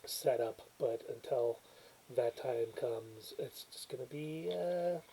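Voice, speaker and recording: A man's voice: medium pitch, takes it slowly, mellow, a little hiss or hum, low-quality recording. A man chatting casually at home into his laptop webcam, rambling and self-deprecating, with frequent restarts as he reads a movie's cover blurb aloud. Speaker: movie reviewer. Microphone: built-in webcam or laptop mic, new mic not set up.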